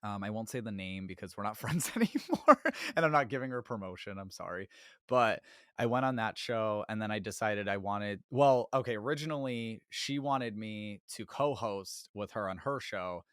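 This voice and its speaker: A young man rambles through listener questions on his own podcast, quick to laugh and quick to apologize. His voice sits a little low and has a sore-throat edge. The sound is close and dry, with no room around it. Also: fairly bright tone, dry recording. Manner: chatty, self-deprecating, laughs often, apologizes a lot. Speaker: podcast host. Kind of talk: casual solo Q&A.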